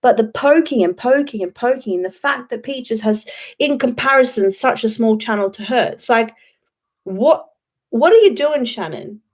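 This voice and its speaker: A woman's voice: on the high side, normal speed. A woman hosting a casual livestream, rambling, swearing freely and answering chat. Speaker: YouTube livestream host.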